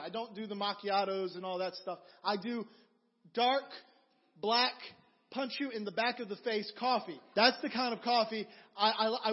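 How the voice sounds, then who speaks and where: High-voiced man preaching in a reverberant hall. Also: slightly rough. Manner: animated storytelling with repeated phrases. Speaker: pastor. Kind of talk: sermon. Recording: dull recording in a reverberant hall.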